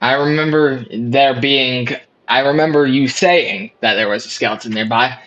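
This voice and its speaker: A man's voice: mid-range voice, normal speed, fairly bright tone, highs cut off. Rambling young man playing prosecutor. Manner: rambling, repeats "obviously" and "of course". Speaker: prosecutor in a mock trial. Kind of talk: casual mock-courtroom argument among gaming friends.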